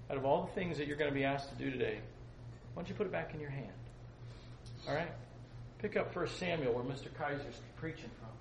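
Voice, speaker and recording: A man preaching a sermon to young people, animated and joking, swinging between loud outbursts and soft asides. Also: a little high, creaky. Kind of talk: sermon to a youth congregation. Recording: echoey room, faint room noise.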